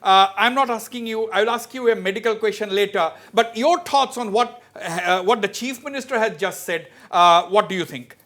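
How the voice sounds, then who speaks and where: High high voice guy from hosting a tv debate, keeps cutting in. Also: moderate pace, hardly any pauses, a bit bright. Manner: interjecting, repeats phrases while cutting in. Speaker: news debate host. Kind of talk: TV panel debate moderation.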